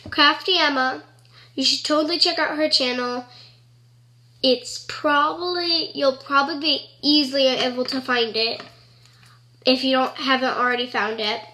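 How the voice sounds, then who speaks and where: A woman with a high, bright, ringing voice talks straight to camera in a loose, rambling vlog style. She fills her sentences with "like" and sounds earnest about every point. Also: steady tone, moderate pace. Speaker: vlogger. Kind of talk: casual chat to camera.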